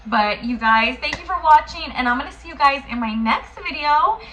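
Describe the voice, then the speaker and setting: A young woman talks straight to the camera in an easy, gushing way, as a beauty vlogger. Her voice sits a touch high and sounds bright. Faint room hiss runs underneath. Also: animated, moderate pace. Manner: chatty, effusive, gushing. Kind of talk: casual talk to camera.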